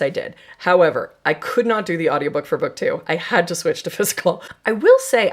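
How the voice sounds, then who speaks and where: Casting note: young adult woman, book vlogger, casual frank chat, slightly low pitch. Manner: chatty, frank, frequent "like" fillers.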